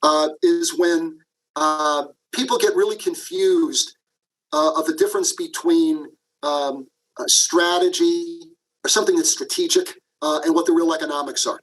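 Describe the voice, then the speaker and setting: High-voiced animated man telling stories. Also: rough recording. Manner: animated, acts out quotes, frequent "okay?" asides. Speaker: guest, leadership professor. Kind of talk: podcast interview, storytelling.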